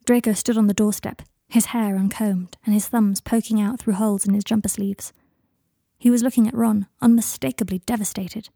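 Soft-spoken woman reading a story. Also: fairly even intonation, moderate pace, vocal fry, dry recording, clean studio sound. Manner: soft, low-key, drops to whispers. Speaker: narrator. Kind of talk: audiobook reading of fan fiction.

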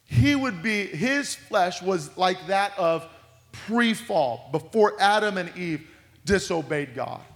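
A high-pitched male pastor teaches a midweek Bible study, leaning into key words by dropping his voice low and quiet, and repeating phrases for weight. His voice rings with a long reverb that fills a church hall. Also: expressive, slow pace.

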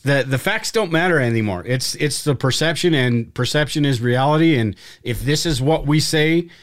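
A man co-hosting a casual live stream, talking bluntly and swearing freely, often restarting his sentences. His voice sits a touch higher than most men's. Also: normal speed. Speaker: podcast co-host.

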